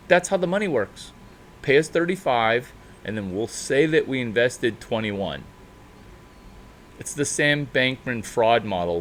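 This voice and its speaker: Slight background noise accompanies a man speaking freely as a startup mentor, his lively talk punctuated by sudden rises in pitch and loudness and drawn-out emphasis.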